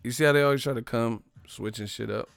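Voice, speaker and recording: A man's voice: mid-range voice, quick pace, creaky, fairly bright tone. A man hosting a livestream, ranting in a brash, profane, casual way and laughing often. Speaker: livestream host.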